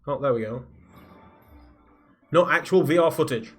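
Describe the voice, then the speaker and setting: A man's voice: a little high, moderate pace, soft background music. A man live streaming from a soundproofed home recording room, rambling in casual chat and reading viewer comments aloud. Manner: rambling, reads viewer comments aloud, skims text with "blah blah".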